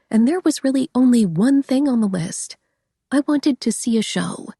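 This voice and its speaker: A woman's voice: a little high, mellow, husky, dry recording, clean studio sound. A young woman reading a first-person audiobook in a wry, conversational way. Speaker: audiobook narrator.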